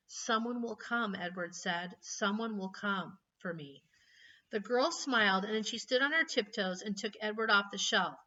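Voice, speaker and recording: A woman reading a children's book aloud in an expressive, emotional way. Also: medium pitch. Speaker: reader. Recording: slightly distant, dull lo-fi mic.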